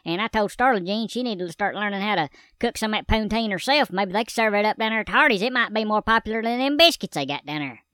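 A woman's voice: medium pitch, animated, fast talker, fairly bright tone, clear, resonant tone, no room sound, lightly acted. A woman voicing a folksy, rambling rural man in a comedy monologue. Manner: rambling, homespun drawl.

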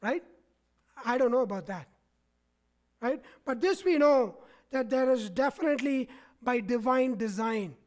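A man's voice: extremely high pitch, lively intonation, unhurried, long pauses. A man preaching a sermon to his congregation, often checking in with them by asking "right?". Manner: asks the congregation frequent "right?" tags. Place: church.

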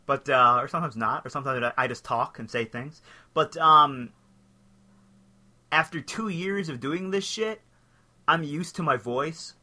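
A man's voice: a little high, a little slow, long pauses, pushed and bright. A young man co-hosting a podcast, riffing in crude, profane casual banter. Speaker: podcast co-host. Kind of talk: casual comedy chat.

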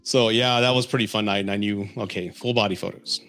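A man's voice: lowish voice, steady tone, fairly quick, a bit bright, soft background music. A man from San Antonio hosting a podcast, telling dating stories and giving advice in a casual way, chuckling often as he talks. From San Antonio, Texas, US. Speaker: podcast host.

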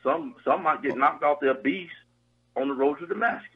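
A man's voice: a little high, moderate pace, breathy edge. A man praying and preaching on a radio program, emphatic and rhythmic, repeating phrases and calling out hallelujah. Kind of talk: fervent prayer and preaching. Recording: tinny phone line.

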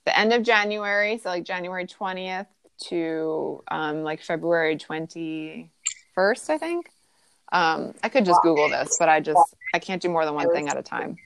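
Rambling chatty woman, slightly low voice. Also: moderate pace, creaky, clean tone. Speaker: podcast co-host explaining astrology. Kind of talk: casual chat.

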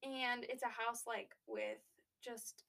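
A young woman with a high voice chats casually as a podcast co-host. She talks loosely, packing in fillers and restarting sentences as she goes. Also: level tone, slow, creaky, a bit bright. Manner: chatty, lots of fillers and restarts. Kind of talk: casual chat.

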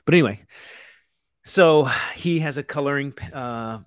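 A chef in his thirties tells stories in a loose, casual chat, full of "like" and "you know" with some swearing. His slightly high voice is a little slow and clean, recorded at studio quality with no room sound.

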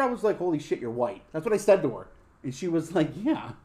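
A man's voice: a little high, sing-song, quick pace, mellow. A young man hosting a podcast, telling crude stories in casual chat, full of swearing and fillers. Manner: crude, profane storytelling with lots of fillers. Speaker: podcast host.

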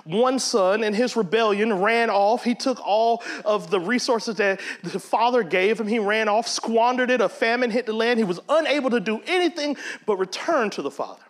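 A man's voice: high-pitched, moderate pace, hardly any pauses. A man teaching a Bible study in a conversational preaching manner. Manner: conversational, acts out quoted voices.

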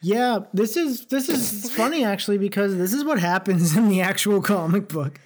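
A woman's voice: mid-range voice, moderate pace. A woman co-hosting a podcast in casual chat, retelling a plot in a laid-back, profane way. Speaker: podcast co-host.

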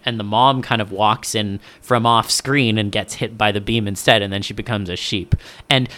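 Brief: male podcast co-host, bright forward tone, lively and profane, acts out quotes. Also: fairly low pitch, moderate pace. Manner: animated, swears often, acts out quoted lines. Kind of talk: casual podcast chat.

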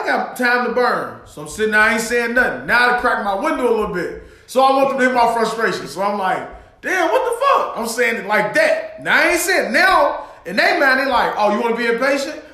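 Animated high-voiced man telling stories. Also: brisk, hardly any pauses, echoey room. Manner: animated, acts out quotes with shouted outbursts and profanity. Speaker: podcast co-host. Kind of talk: casual storytelling chat.

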